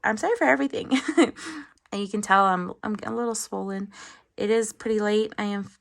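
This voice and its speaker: A woman with a raspy voice chatting casually while counting cash at home at night, apologetic and a little out of breath. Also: mid-range voice, brisk. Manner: apologetic, rambling, counts money aloud. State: slightly out of breath. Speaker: budgeting channel host.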